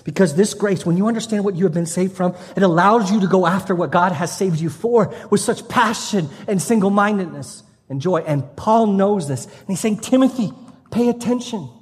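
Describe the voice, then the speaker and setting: A man with a high-pitched voice preaches in a church, moving between easy joking and earnest, passionate appeals. His voice carries a long reverb tail from the big hall. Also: normal speed, few pauses. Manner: passionate, conversational preaching with humor. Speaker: pastor. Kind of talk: sermon. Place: church sanctuary.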